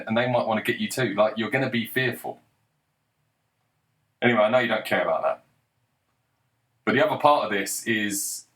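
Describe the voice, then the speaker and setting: A man holding forth in a solo commentary rant. He is blunt and combative, swears freely and keeps pushing his point with rhetorical questions, in a voice of ordinary middle pitch for a man. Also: fairly bright tone. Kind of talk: political commentary monologue.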